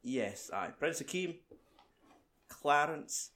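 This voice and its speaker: A man's voice: on the high side, lively intonation, slow, a bit bright. A young man hosting a casual, sweary chat about a film, reading out the cast list with his co-host. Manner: sweary, banter-filled. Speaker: podcast host.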